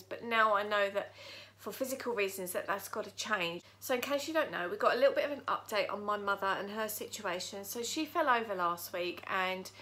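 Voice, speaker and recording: Woman vlogger, bright tense voice, shaken but candid, talking to camera from her living room. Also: mid-range voice. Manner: emotional, halting, candid. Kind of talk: personal vlog talking to camera.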